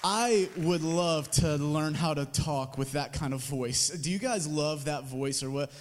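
A man's voice: on the high side, measured pace, slight background noise. Upbeat pastor man in an echoing hall. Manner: energetic, crowd-rallying, friendly with fillers. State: tired from little sleep. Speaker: campus pastor. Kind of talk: church service welcome and announcements. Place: large auditorium. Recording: long hall reverb.

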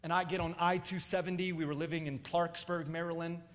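A male pastor telling stories in a sermon, animated and calling out to the congregation. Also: fairly high pitch, a little fast, long reverb tail. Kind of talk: storytelling sermon.

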